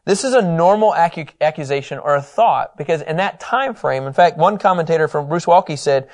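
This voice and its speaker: A man teaching a Bible lesson in a conversational, animated way, acting out the quotes. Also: fairly high pitch, moderate pace.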